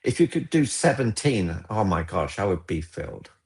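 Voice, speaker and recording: Man as a doting husband, gentle, reassuring, lowish voice. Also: sing-song, moderate pace, poor audio. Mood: warm.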